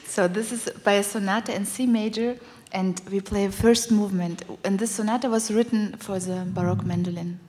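A woman's voice: mid-range voice, steady tone, dark tone, a little hiss or hum. Woman musician talking in a reverberant hall. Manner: halting, fills with uh and um, laughs between phrases. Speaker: guest musician. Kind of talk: casual interview chat.

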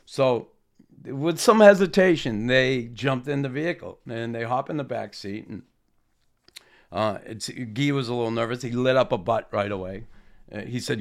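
A man, a former hockey player telling an animated anecdote and acting out quotes. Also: mid-range voice, normal speed, gravelly. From Boston area. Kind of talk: anecdotal storytelling.

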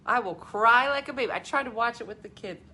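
A woman in her forties chatting casually as co-host, animated and acting out her own reactions. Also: a little high, quick pace, slightly rough. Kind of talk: casual chat.

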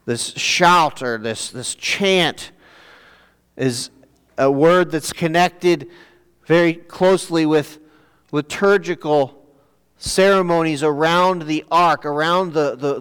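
A man preaching a sermon, pausing and repeating words as he searches for the next phrase. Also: on the high side, a bit bright, clean tone. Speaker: pastor. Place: church sanctuary. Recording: long church reverb.

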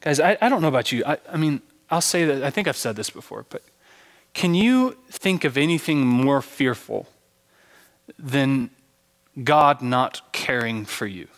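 A man's voice: medium pitch, expressive, unhurried. A male pastor preaching a sermon with earnest, dramatic storytelling. He often repeats words as he starts his sentences. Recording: long hall reverb.

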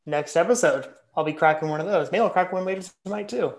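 A man's voice: high-pitched, fast, vocal fry. A man co-hosting a casual podcast, joking in a laid-back way. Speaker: podcast co-host. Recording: roomy echo.

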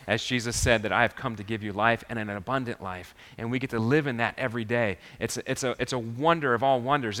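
A man preaching a sermon as pastor, earnest and halting, often restarting his sentences. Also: mid-range voice, pushed and bright, big-room sound.

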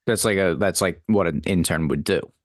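A man's voice: deep voice, moderate pace, dry recording, studio quality. A man co-hosting a podcast in casual chat, blunt and dismissive, swearing often. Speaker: podcast co-host.

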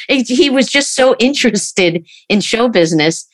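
A woman telling a casual anecdote, animated when she quotes others. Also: on the high side, moderate pace, no echo.

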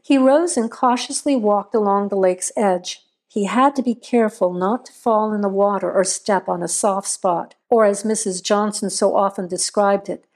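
A woman reading a scripted horror story aloud in a measured, steady storytelling voice. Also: mid-range voice. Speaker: narrator.

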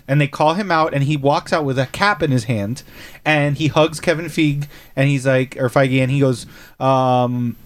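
A man's voice: mid-range voice, normal speed. A man talking casually in a group chat, rambling and restarting as he tells a story.

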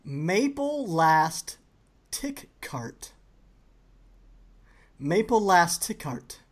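Woman w/ a lowish voice that swings up and down a lot, slow, keeps repeating stuff. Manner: expressive, sounds out phrases over and over. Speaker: game player. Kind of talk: casual chat.

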